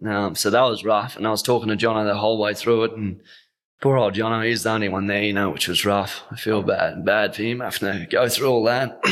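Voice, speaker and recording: His voice catches as he chokes up: a young Northern Territory Australian, the guest in a casual interview, telling a heartfelt story. He speaks briskly in a lowish, steady, fairly bright voice, rambling and using many fillers.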